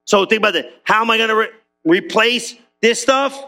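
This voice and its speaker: A man preaching in church with a high, bright, ringing voice. He talks to the congregation like a friend, full of slang and quick jokes. The whole sermon stays lively and conversational. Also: faint music behind. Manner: animated, slangy and joking with the congregation. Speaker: pastor.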